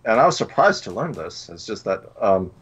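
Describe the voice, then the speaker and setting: A man's voice: on the low side, very animated, moderate pace, fairly bright tone, husky. A man guest on a podcast, chatting casually in an easygoing, reflective way. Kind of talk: casual conversation. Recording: dull lo-fi sound.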